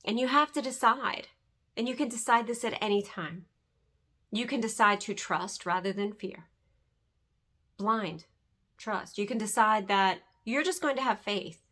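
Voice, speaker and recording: Bright-voiced woman sharing faith testimony. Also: medium pitch, unhurried, long pauses. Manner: earnest and emotional, often asks "right?". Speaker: host. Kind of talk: faith-centered personal testimony.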